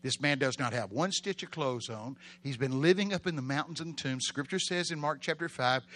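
Bright, dramatic male preacher. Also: mid-range voice, moderate pace, hardly any pauses. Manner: dramatic, shifts between loud exclamations and hushed storytelling; call-and-response with congregation. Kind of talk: sermon.

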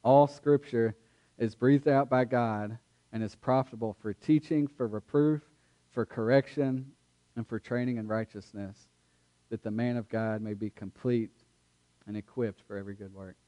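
A man's voice: medium pitch, fairly even intonation, muffled recording. Earnest man preaching a sermon. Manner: earnest, emphatic preaching with pauses and restarts. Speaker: pastor. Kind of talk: sermon with scripture reading.

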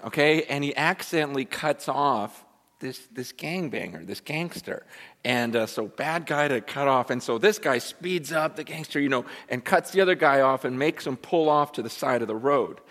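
A male pastor preaching a sermon in a church, self-deprecating and animated, often repeating words as he goes. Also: on the high side. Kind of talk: sermon with a joke. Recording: long church reverb.

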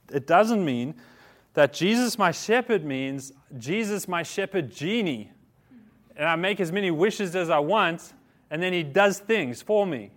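A man giving a conversational sermon, often asking his listeners questions and stopping to correct himself. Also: medium pitch. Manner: conversational preaching, asks the congregation questions; self-correcting, repeats words. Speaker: pastor.

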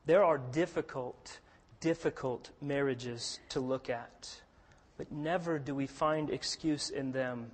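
A man preaching a sermon, earnest, moving between hushed storytelling and forceful emphasis. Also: medium pitch, steady tone, slow, in a large hall.

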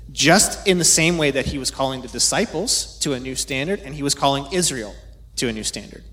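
A man's voice: mid-range voice, a bit bright. A man preaching a casual, conversational sermon, teaching from the Bible and acting out quoted voices now and then.

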